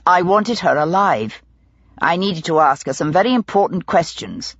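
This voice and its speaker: Casting: woman reading a tired, tight-lipped Victorian inspector, husky and low. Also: lively intonation, moderate pace, no echo, highs cut off. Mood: impatient. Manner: clipped, impatient, restrained. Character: stern weary male police inspector.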